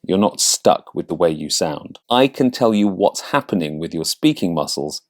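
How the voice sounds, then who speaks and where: A man's voice: deep voice, animated, moderate pace. A man accent coach, raised in Canada, speaking neutral British English in a reflective, easygoing talk to camera. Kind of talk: talking to camera.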